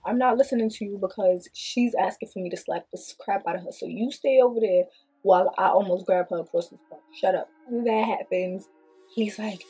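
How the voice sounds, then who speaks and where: A woman with a husky voice tells a story to camera in a blunt, animated way. Her pitch sits in the middle of the range. Soft music plays faintly underneath. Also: a little fast. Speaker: vlogger. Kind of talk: storytime vlog.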